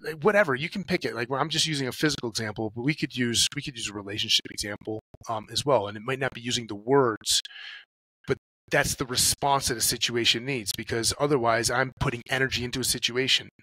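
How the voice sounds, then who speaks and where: A man talks casually as a podcast guest. He acts out little inner dialogues and swears freely as he tells stories. His voice is bright and forceful, and the sound is dry, with no room echo. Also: medium pitch, fast talker. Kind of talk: casual conversational talk.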